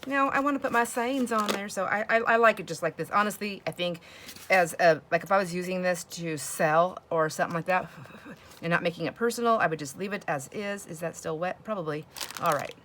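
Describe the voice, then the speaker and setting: A woman's voice: lowish voice, fairly quick, fairly bright tone, a little hiss or hum. A woman hosting a crafting video, chatting casually and laughing often as she works. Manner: chatty, laughs often, talks to herself while working. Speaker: crafting channel host.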